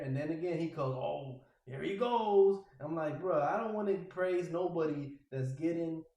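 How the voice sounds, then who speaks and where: Guy ranting on a sports podcast, all worked up, kinda echoey room. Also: a little high. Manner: animated, exasperated ranting. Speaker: podcast host. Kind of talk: casual sports podcast rant.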